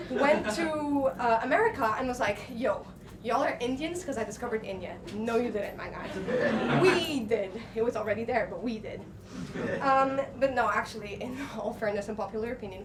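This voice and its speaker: A young Portuguese woman performs stand-up on a small club stage in English, her second language. Her voice sits high and is picked up from a distance over heavy room noise. She talks casually and profanely, full of fillers and little laughs. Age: young adult. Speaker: stand-up comedian. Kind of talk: stand-up comedy set.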